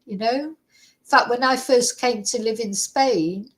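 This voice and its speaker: A woman's voice: a little high, unhurried, rough recording. A middle-aged woman from Manchester with a Mancunian accent, chatting casually in a rambling way, full of fillers and small laughs. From Manchester, England. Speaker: vlogger. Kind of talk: casual chat.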